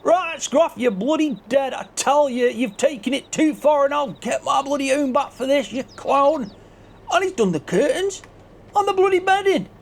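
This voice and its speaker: A man voicing a hot-tempered farmer with a strained, raspy voice who rants and threatens. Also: very high-pitched, lively intonation, normal speed, pitched above the performer's own voice, heavily acted. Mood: outraged. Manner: ranting, threatening, yelling. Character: furious shouting male farmer, hot-tempered. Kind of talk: game video character voice.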